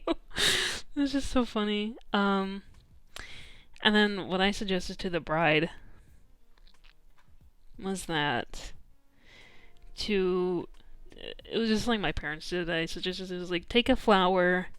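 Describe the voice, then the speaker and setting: A woman's voice: mid-range voice, measured pace, sharp tone, smooth, dry recording. A young adult woman streamer telling a story in casual chat, full of "like" and "um" and frequent laughter. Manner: chatty, peppered with "like" and "um", laughing often.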